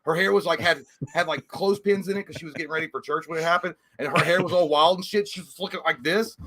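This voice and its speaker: A man's voice: fairly high pitch, fast talker, bright, forceful tone, slight background noise. A man co-hosting a casual live-stream chat, telling a story with lots of swearing and acted-out voices. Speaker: podcast co-host.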